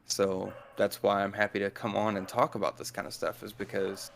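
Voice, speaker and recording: A man's voice: on the low side, monotone, fairly quick, vocal fry, a bit bright, slight background noise. A man in casual conversation, carefully and patiently explaining how he manages his speech. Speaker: guest. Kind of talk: casual chat.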